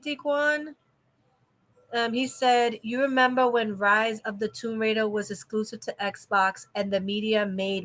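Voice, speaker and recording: Young adult woman vlog host, high and bright, rambling and opinionated. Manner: opinionated, rambling rant with many fillers. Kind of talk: casual live-stream chat.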